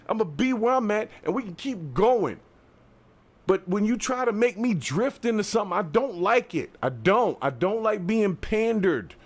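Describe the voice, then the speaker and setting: A man delivering a fired-up ranting commentary monologue to his viewers, swinging between yelling and calming down and often asking if they understand. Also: high voice. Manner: fired-up, repeats "you understand what I'm saying". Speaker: video commentator.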